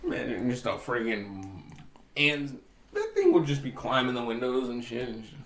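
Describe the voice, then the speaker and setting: A man of middle pitch chats casually on a podcast, relaxed and quick to laugh. He puts the questions to his co-host, and the sound rings in an echoey room. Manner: easygoing, laughs often, asks the questions.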